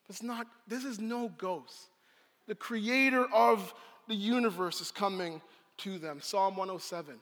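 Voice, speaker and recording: A man preaches with a high, bright voice, acting out the scene he describes. His words ring through a large room with a long reverb trailing behind them. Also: a little slow. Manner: animated storyteller, acts out scenes. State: out of breath. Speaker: pastor. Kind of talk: sermon.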